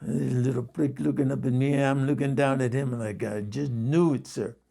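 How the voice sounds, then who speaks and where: A man's voice: medium pitch, fairly even intonation, a little fast, gravelly, mellow. A man voicing an indignant, rambling middle-aged male taxi driver who keeps calling his passenger "sir". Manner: repeats "sir" and tells it with indignation.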